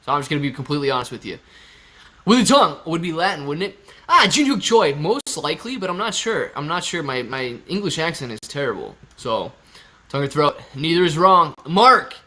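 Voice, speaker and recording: Bright-voiced young man hosting a stream. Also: a little high, very animated, a little fast. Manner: joking, reads viewer chat aloud. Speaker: livestream host. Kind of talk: casual live stream chat.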